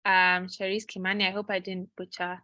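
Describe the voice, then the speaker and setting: A woman moderating a Q&A session, thanking the speaker and reading out the questions in a polite, brisk way. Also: medium pitch, level tone, sharp tone.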